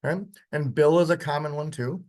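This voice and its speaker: A man teaching a workshop, walking through software in a casual, chatty way with frequent ums. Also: a little high, fairly quick. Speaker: workshop instructor. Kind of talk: live software demonstration lecture.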